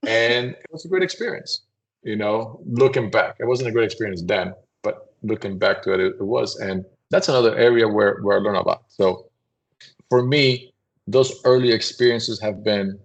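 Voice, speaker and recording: A man, a company CEO, telling anecdotes in a casual, animated podcast conversation and acting out voices as he goes. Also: on the low side, moderate pace, gravelly. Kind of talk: casual storytelling.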